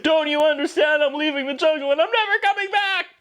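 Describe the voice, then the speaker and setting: A man's voice: extremely high pitch, fast, a bit bright, voice pushed up. A man voicing an earnest young boy raised by wolves, speaking melodramatically and insistently. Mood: defiant.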